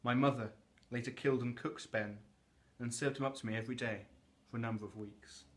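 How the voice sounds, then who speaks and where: A man's voice: medium pitch, steady tone, brisk, lightly acted. A man narrating as a young man telling his villain origin story, in earnest scripted narration. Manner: earnest narration, dramatic build.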